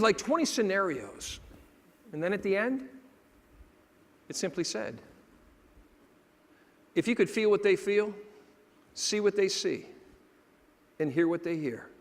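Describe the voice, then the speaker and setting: Male keynote speaker, high register, theatrical storyteller, hall reverb. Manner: dramatic shifts between hushed and loud, acting out dialogue. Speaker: motivational speaker.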